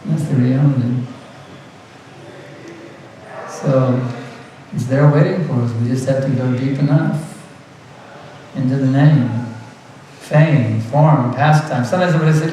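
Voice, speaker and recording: A man delivers a devotional lecture in an earnest way, leaning on repeated words and breaking into light laughs. His voice sits a bit high. He is picked up from a distance in a very echoey room with faint background noise. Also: moderate pace, long pauses, darkish tone. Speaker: spiritual teacher.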